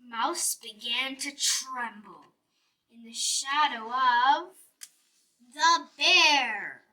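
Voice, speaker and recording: A woman reading a rhyming children's storybook aloud in a slow, expressive, sing-song way. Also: high-pitched. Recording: voice a bit distant, faint music behind.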